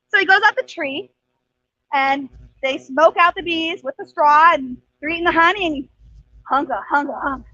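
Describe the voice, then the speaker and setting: A woman with a very high, bright voice narrates a folk tale with animated, playful energy. Her voice sounds dry and dull, like lo-fi stream audio. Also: normal speed, no echo. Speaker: storyteller at court. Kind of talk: oral folk tale telling.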